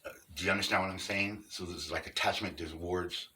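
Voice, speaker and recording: A middle-aged man with a very low voice talks off the cuff to his viewers, earnest and halting as he explains each point step by step. He sits some way back from the microphone, so his voice sounds distant. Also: steady tone, sharp tone, slight background noise. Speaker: vlogger on Sasquatch encounters. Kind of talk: casual unscripted monologue.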